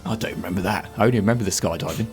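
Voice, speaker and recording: A man's voice: lowish voice, rapid-fire, soft background music. A man co-hosting a podcast with a congested, stuffy nose, giving rambling opinions in casual chat. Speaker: podcast co-host.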